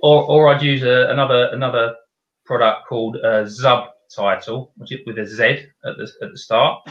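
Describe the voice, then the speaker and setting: A man's voice: mid-range voice, steady tone, moderate pace, a bit bright, roomy sound, muffled recording. A man with a South London accent, a podcast guest giving practical explanations in casual chat. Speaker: guest, video company director.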